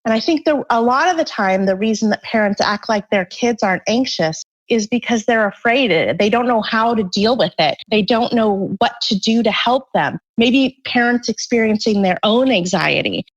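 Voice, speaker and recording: A woman's voice: fairly high pitch, lively intonation, moderate pace, few pauses, husky, dull audio. A woman author being interviewed, explaining her points earnestly in a conversational way. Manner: earnest, explanatory, acts out parents' voices briefly. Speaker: guest author.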